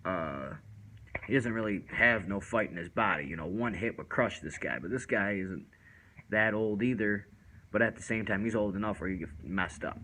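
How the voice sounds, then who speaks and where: Bright-voiced man telling a street story. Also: lowish voice, moderate pace, low-quality recording. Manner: loose, rambling street slang with many fillers. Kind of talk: casual first-person storytelling.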